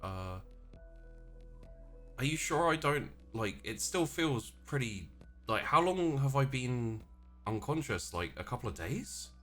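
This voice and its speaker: A man's voice: medium pitch, very animated, measured pace, pushed and bright, faint music behind, full character voice. A man voicing a confused young woman waking up after being attacked, hesitant and trailing off. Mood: uneasy.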